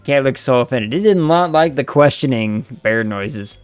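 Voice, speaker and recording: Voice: mid-range voice, lively intonation, moderate pace, clear, resonant tone, faint music behind. A streamer chatting through a video game, making rambling, amused asides. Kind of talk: let's-play commentary.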